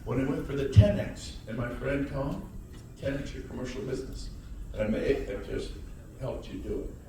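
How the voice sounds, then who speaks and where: Male motivational speaker, loud and punchy, working a crowd; very echoey hall, distant mic. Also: lively intonation, normal speed, background noise. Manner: high-energy, shouting and teasing the crowd. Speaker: real estate speaker addressing an audience. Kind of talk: motivational talk to a live audience. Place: large hall with audience.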